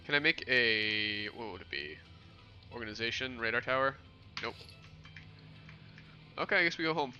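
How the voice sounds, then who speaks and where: This gaming streamer, a young man from New York, rambles through casual chat and answers viewer questions as he plays. He speaks at medium pitch and normal speed, expressive and bright with a forceful edge, leaving long pauses. The audio comes across dull.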